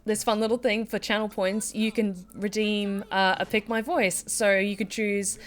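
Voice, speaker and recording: A woman's voice: mid-range voice, level tone, normal speed. Woman, voice actor, streamer, giggly, chatty, casual. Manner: giggly, chatty, warm-hearted. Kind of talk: casual live-stream chat.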